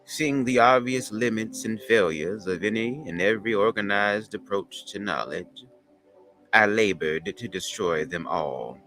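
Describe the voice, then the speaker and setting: Man doing a grand older Southern woman poet: slow, solemn recitation, low and bright. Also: heavily acted. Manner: slow, measured, dramatic recitation. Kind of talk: dramatic poem reading.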